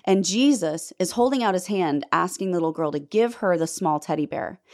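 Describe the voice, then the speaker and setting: This is a young woman sharing a personal faith testimony, speaking straight to her audience. She tells it dramatically and with intensity, her voice leaping high whenever she hits a key point, then dropping low and quiet. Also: expressive, brisk. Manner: intense, dramatic storytelling with sudden pitch leaps when emphatic. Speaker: faith vlogger telling a personal story.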